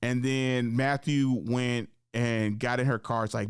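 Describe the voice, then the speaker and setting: A man hosting a casual podcast, talking in an animated, laughing way and working himself up into passionate rants. His voice sits at an ordinary middle pitch, and it's recorded dry and close, with no room sound. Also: fast, few pauses, clear, resonant tone, no room sound. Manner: conversational storyteller. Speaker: podcast host.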